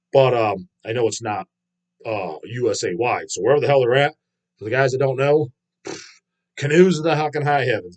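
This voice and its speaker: A man, host of a casual stream, reading viewer comments aloud and answering them in a blunt, swear-heavy rant. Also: medium pitch. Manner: profane, ranting, blunt. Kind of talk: casual live-stream chat.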